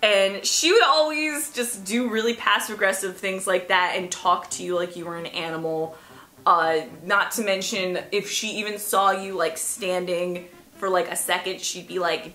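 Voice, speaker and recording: A young woman telling retail stories to camera in a sarcastic, animated way, swearing freely. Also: medium pitch, normal speed, faint music behind. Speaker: vlogger. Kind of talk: casual storytelling to camera. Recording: echoey room.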